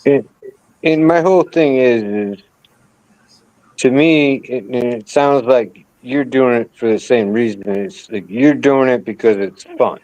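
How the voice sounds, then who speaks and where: Slow, halting man on a call. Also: mid-range voice, darkish tone, no echo, rough recording. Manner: halting, repeats himself, joking. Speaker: guest. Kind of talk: casual live-stream chat.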